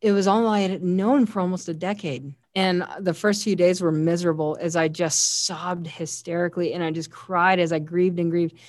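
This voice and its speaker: A woman's voice: fairly low pitch, steady tone, normal speed, few pauses, a little mellow, dry recording, clean studio sound. A woman giving an earnest, heartfelt faith testimony as an interview guest, often quoting scripture. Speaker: guest sharing a personal testimony.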